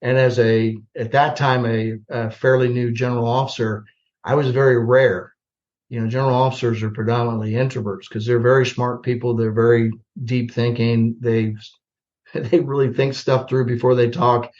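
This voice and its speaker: An older man, a retired army general, telling stories as a podcast guest, animated and self-deprecating, acting out the dialogue. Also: medium pitch, normal speed. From United States. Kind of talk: storytelling in a podcast interview. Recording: slightly dull lo-fi podcast audio.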